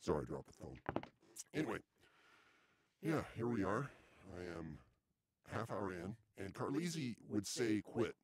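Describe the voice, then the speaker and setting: Dry, lower-voiced comedy podcast host. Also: male voice, big pitch swings, unhurried, long pauses, darkish tone, slightly rough. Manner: dry, exasperated. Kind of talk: casual comic chat.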